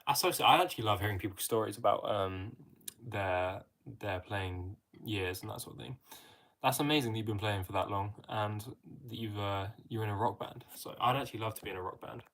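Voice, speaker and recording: Reading viewer comments aloud and answering them, a young English-accented livestream host talks fairly quickly in a voice on the low side with a fairly bright tone. His manner is casual and chatty, with "mate" as a friendly filler.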